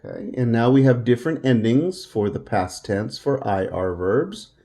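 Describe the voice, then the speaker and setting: A man's voice: medium pitch, lively intonation, moderate pace, warm tone. A man teaching a Spanish lesson, patiently repeating words for the listener to drill. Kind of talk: language lesson.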